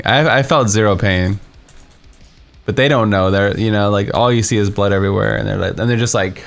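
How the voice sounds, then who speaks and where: A young man streaming a game tells a story as he plays, casual and rambling, with lots of fillers and restarts. His voice is on the low side, brisk, gravelly and a bit bright.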